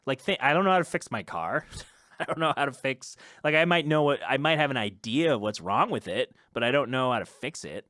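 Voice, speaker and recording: Young man, solo podcast host, lively exasperated rant, dry close mic. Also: mid-range voice, a little fast, no room sound. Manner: animated, laughing, exasperated ranting. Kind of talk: off-the-cuff ranting podcast monologue.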